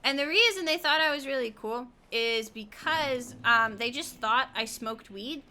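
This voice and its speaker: A woman's voice: sits high, animated, unhurried, pushed and bright, clean tone. A young woman streaming a game, rambling and giggling as she chats with her viewers. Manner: rambling, giggly, talks to chat while playing. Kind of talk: casual gaming stream chat.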